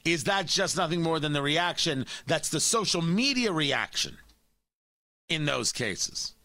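A man's voice: a little high, animated, measured pace, pushed and bright, no echo. A man hosting a talk radio show, giving opinionated, mocking commentary from a studio microphone.

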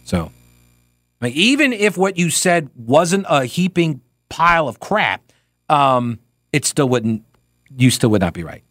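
A man hosting a talk radio show. He reads out listener emails and answers them with a sarcastic, mocking edge. His voice sits a little high and sounds dry and close in the studio. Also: big pitch swings, measured pace, long pauses, a bit bright, no echo.

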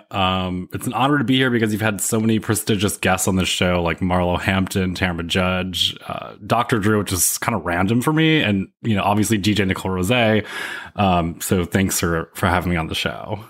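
A podcast guest with a low voice, a man who grew up in upstate New York. He talks casually and teases himself. His tone stays easygoing and conversational. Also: moderate pace, a bit bright.

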